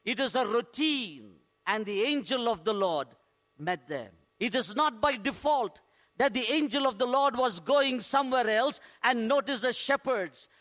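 Male pastor, very high and bright voice, earnest sermon with emphatic repetition. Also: expressive, unhurried.

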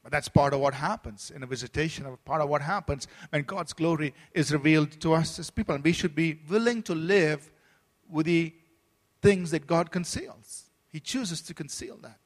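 High-voiced preacher in an echoing hall. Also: male voice, normal speed. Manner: earnest preaching with restarts and repeated words. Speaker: pastor. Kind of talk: sermon. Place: church service. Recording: long hall reverb.

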